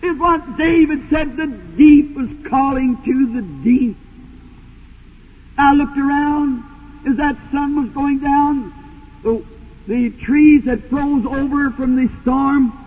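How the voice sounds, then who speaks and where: A man preaching a sermon, telling a story with fervor and sometimes breaking into shouts. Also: very high-pitched, slow. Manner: fervent, rises to shouts. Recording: tinny old tape in a hall.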